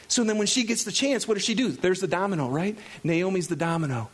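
A man preaching a lively sermon, laughing often and acting out the people in the story. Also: high-pitched, fast, few pauses. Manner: animated, laughing, acts out quoted characters. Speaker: pastor.

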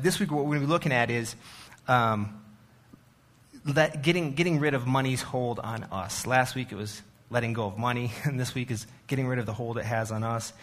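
A man speaking to a church congregation in a loose, chatty way, stopping for fillers and starting sentences over. His pitch sits in an ordinary middle range for a man, and his tone is relaxed and self-deprecating rather than preachy. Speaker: church arts director giving a message. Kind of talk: casual sermon talk.

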